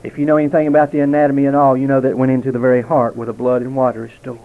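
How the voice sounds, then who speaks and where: A man in his forties preaching a dramatic testimony sermon, slowing and dropping almost to a hush for emphasis. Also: medium pitch, little pitch movement. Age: 40s. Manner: dramatic, slows and drops to near quiet for emphasis. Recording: tinny phone-like sound.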